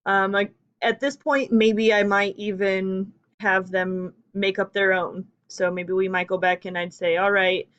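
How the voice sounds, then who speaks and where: A woman's voice: medium pitch, steady tone, measured pace, fairly bright tone, clear, resonant tone, muffled recording. A woman teacher talking through her grammar lesson plan in a casual, explanatory way, with frequent "um"s and "kinda"s. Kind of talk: informal explanatory walkthrough.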